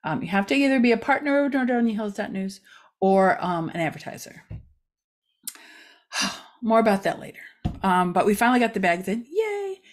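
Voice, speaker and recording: A woman's voice: medium pitch, normal speed, long pauses. A middle-aged woman hosting a casual community update for a local news site, chatty and rambling with many fillers.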